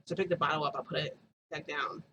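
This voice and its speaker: A woman's voice: deep voice, fairly even intonation, quick pace, noisy background. A woman telling a long personal story in casual vlog style, rambling with lots of fillers and frequent laughs. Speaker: vlogger.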